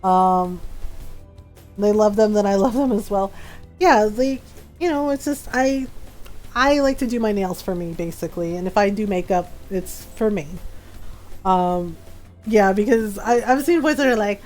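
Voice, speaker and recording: A woman in her forties streams and chats at an ordinary middle pitch, her talk loose and full of little fillers and easy laughter. Soft game music plays faintly underneath her voice. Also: lively intonation, unhurried. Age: 40s. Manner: chatty, laughs often, many fillers. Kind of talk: casual chat while gaming.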